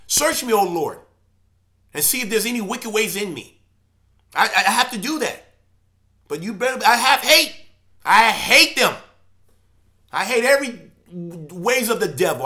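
A man preaching with a high-pitched, bright and forceful voice. He talks with great passion and hammers home his points by repeating phrases. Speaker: church elder. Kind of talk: impassioned preaching monologue.

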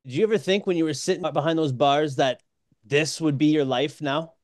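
A man hosts a podcast, putting short, direct questions to his guest. His voice sits a little higher than most men's and sounds dry and close. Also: a little fast, a little mellow, dry recording. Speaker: podcast host. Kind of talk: interview questions.

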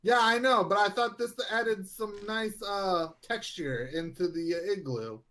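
A man's voice: high voice, a little slow, a bit bright. A man improvising a game role-play, whiny, wounded and defensive.

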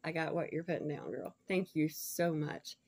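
A woman chatting casually to viewers as she unboxes a gift package, gushing and laughing often, sometimes dropping to soft murmurs. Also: sits low, lively intonation, moderate pace, vocal fry, husky. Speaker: vlogger showing a gift package.

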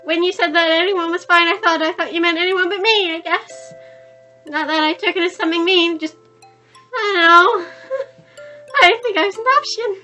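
A woman's voice: very high voice, sharp tone, faint music behind. A woman reading the lines of a young woman's devoted best friend, earnest and tender, in a visual novel. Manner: earnest, tender, halting confession. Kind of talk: visual novel read-aloud.

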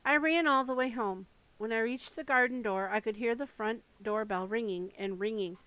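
A woman reading a first-person memoir aloud in a steady, measured way. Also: on the high side, no echo, low-quality recording. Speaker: audiobook reader.

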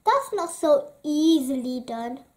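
Chatty croaking crow, high and cawing, voiced by a woman storyteller. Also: lively intonation, takes it slowly. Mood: croaky friendly. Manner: croaking, caws between words. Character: curious talking male crow, chatty and kindly. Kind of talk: storybook read-aloud.

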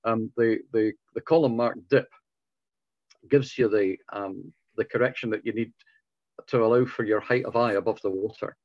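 A man with a hoarse, failing voice, patiently explaining to a club over a video call, often restarting his sentences. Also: on the low side, fairly even intonation, normal speed, dry recording, highs cut off. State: hoarse, voice going. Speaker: club speaker. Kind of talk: informal talk answering questions.

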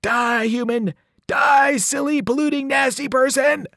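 A man voicing a frantic young satyr boy hooked on a video game, shrieking and shouting. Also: very high voice, steady tone, measured pace, gravelly, dry recording, clean studio sound, pitched above the performer's own voice, heavily acted. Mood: savage glee.

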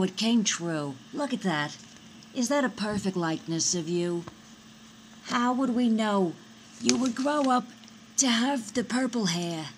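A woman playing a gassy, smothering middle-aged mother who talks in hushed, whispery tones and rambles with backhanded praise. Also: on the high side, slight background noise, voice pushed up, rough recording. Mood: gushing. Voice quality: often whispery, hushed so as not to wake her husband. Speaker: comedic character sketch performer. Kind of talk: character comedy monologue.

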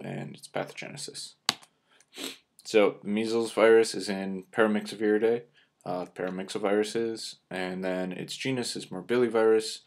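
A young man with a Minnesota accent walks through slides in a relaxed, rambling lecture. His voice sits low and carries a gravelly fry, and he pads his sentences with plenty of "uh"s. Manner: relaxed, filler-heavy explaining with frequent "uh"s. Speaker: radio host giving a science lecture. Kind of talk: casual spoken lecture over slides.

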